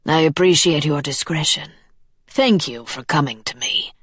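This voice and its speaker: A woman voicing a cold, menacing male monster who speaks slowly with quiet, cool politeness, for an audiobook. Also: deep voice, breathy edge, dry recording, studio quality. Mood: menacing calm. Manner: slow, quiet, coolly polite.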